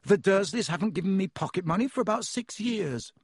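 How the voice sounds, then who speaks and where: A man voicing an anxious teen wizard boy who speaks in a tense, hushed, worried way. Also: high-pitched, expressive, fairly quick, breathy edge, dry recording, clean studio sound, pitched above the performer's own voice.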